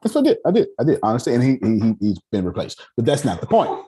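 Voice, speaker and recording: A man with a husky, slightly breathy voice delivers a motivational talk to a live crowd. His pitch swings widely as he preaches in a folksy, direct way, calling out to his listeners. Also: huge pitch swings, quick pace, dark tone. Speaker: motivational speaker. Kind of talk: lively talk to a live audience.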